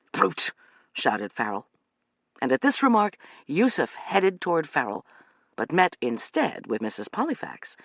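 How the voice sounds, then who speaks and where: Expressive male audiobook narrator. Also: medium pitch, dry recording.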